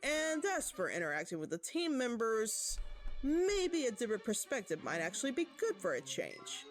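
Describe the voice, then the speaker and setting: A woman voicing a calm, formal female team commander who speaks with measured, precise diction. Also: a little high, soft background music. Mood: composed.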